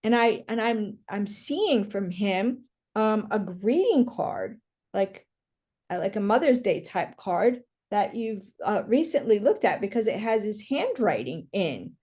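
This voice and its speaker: A woman's voice: mid-range voice, very animated, measured pace, dark tone, slightly rough. A woman working as a psychic medium, giving a chatty reading on a video call with many fillers. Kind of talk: live online reading.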